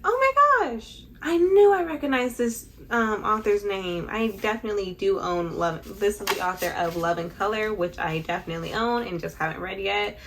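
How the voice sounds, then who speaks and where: A young woman vlogging casually about a book, excitable and dramatic, with bursts of laughter and squeals. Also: mid-range voice, normal speed, hardly any pauses, slight background noise. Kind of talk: casual reading vlog chat.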